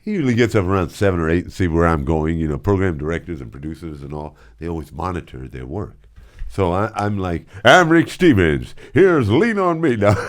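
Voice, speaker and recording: A man's voice: deep voice, lively intonation, fairly quick, a little mellow. An older man and former radio host telling stories casually and animatedly, slipping into voices and sound effects. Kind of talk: casual storytelling.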